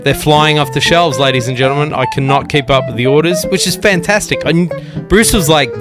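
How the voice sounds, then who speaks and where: Joking podcast host, music behind. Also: male voice, mid-range voice, a little fast. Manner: joking, rambling, profane. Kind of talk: casual podcast monologue.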